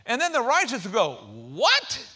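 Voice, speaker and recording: A man preaches to his church with a high, bright, somewhat tense voice. He is energetic and conversational, slipping in jokes and casual asides. The delivery is a lively sermon. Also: fairly quick. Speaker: pastor.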